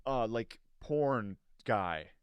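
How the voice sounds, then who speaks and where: A man's voice: mid-range voice, extremely slow, smooth, dry recording. Man in his forties telling a story. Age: 40s. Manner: animated storyteller who acts out other people's lines. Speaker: podcast host. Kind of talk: casual chat. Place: living room.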